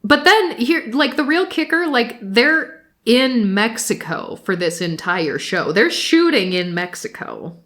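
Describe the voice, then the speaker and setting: A woman's voice: fairly high pitch, big pitch swings, measured pace, a bit bright. A woman co-hosting a podcast, casually recapping reality shows, laughing often and swearing freely. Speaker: podcast co-host.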